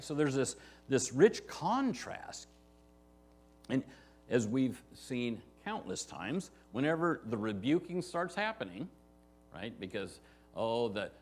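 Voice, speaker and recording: A pastor with a medium-pitched voice preaches a verse-by-verse sermon in a church sanctuary, with a little hiss or hum in the recording. He addresses the congregation conversationally, often asking "right?".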